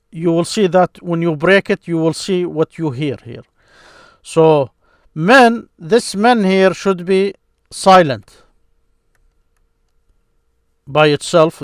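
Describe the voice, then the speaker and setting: A man's voice: fairly high pitch, dry recording. Patient man teaching grammar, dry close sound. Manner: patient, repeats sounds slowly for learners. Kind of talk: explaining a grammar lesson.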